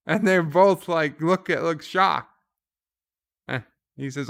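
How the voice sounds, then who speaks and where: A man's voice: on the high side, takes it slowly, gravelly, long pauses, fairly bright tone, clean tone. A man hosting a live reaction commentary, casually retelling scenes with fillers and restarts. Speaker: channel host recapping an episode.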